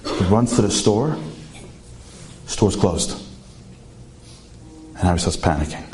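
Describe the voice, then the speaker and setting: Guy telling an inspiring story, warm lowish voice, animated, lots of "can you imagine" questions. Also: slow, soft background music. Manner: animated, pitch leaps up for emphasis, rhetorical questions. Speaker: inspirational speaker.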